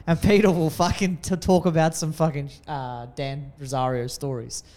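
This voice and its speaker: A man's voice: fairly high pitch, little pitch movement, normal speed, darkish tone. A man co-hosting a casual podcast, heckling and swearing as he pushes the others to talk. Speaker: podcast co-host.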